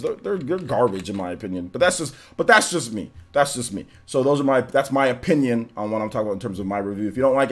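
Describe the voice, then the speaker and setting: A man streaming a game, chatting casually and giving shout-outs to viewers, his voice a little worn and still recovering. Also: medium pitch. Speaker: gaming streamer. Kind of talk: live stream chat, greeting viewers.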